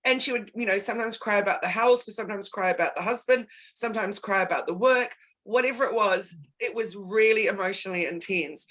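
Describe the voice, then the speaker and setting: A woman's voice: mid-range voice, brisk, hardly any pauses, fairly bright tone. Candid, emphatic woman in casual chat. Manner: candid and emphatic, repeats words for stress. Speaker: guest and business consultant.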